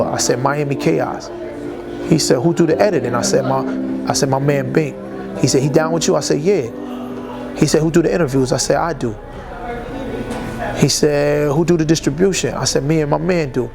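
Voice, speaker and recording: A man's voice: fairly high pitch, normal speed, vocal fry, long pauses, over loud music. A man telling a story in a casual interview, acting out the dialogue in street slang. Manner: animated, acts out quoted dialogue in street slang.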